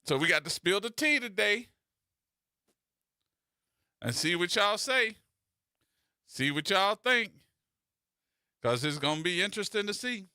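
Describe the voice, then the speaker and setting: A man's voice: high voice, animated, a little slow, long pauses, sharp tone, dry recording, clean studio sound. A man hosting a radio talk show, teasing and telling stories in a playful way.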